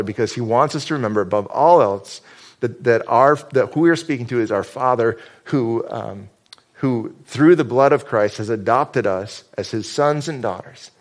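Chatty joking pastor man. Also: mid-range voice. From upstate New York. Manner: conversational, joking, often restarts mid-sentence. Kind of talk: sermon.

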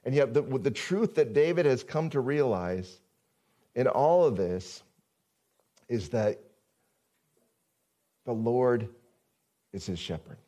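A man's voice: mid-range voice, expressive, takes it slowly, pauses often, warm tone. A male pastor giving a conversational sermon, often asking the congregation questions.

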